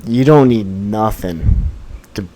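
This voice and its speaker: Laid-back young man, fairly low voice. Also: takes it slowly, mellow, low-quality recording. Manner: affirming, swears casually, uses bro and dude. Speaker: podcast co-host. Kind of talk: casual chat.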